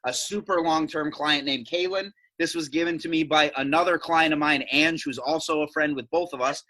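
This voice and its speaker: Animated, bright-voiced man. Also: on the high side, normal speed. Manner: animated, self-mocking. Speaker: interview guest. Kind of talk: casual chat.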